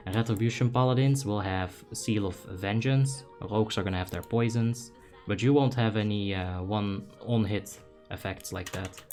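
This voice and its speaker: A young man from the Netherlands doing casual live gameplay commentary, reading chat aloud with excited bursts. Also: fairly low pitch, moderate pace, faint music behind. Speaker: game streamer.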